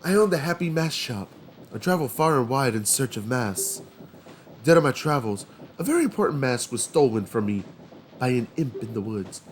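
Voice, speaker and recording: Creepy game mask salesman, smooth and sly, read by a man. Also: mid-range voice, expressive, moderate pace, a little hiss or hum, lightly acted. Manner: formal, polite, unsettling.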